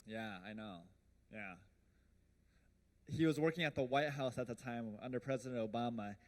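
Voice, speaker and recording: A man's voice: mid-range voice, normal speed. A man in his early thirties giving a motivational storytelling talk on stage, chatty and quizzing his audience. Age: early 30s. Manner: conversational, asks the audience questions. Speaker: speaker, company founder. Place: event stage before an audience.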